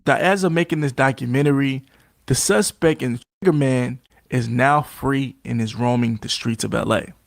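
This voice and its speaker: A male narrator reads a documentary script in a steady, factual way. His voice sits at a middle pitch, and the recording is dry and close. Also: normal speed, gravelly, no echo.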